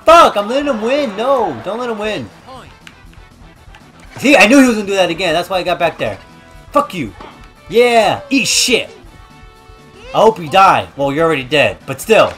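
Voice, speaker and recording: A young man doing let's-play commentary while playing, loud, swearing and trash-talking the game. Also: sits high, very animated, normal speed, pauses often, faint music behind. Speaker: gaming YouTuber.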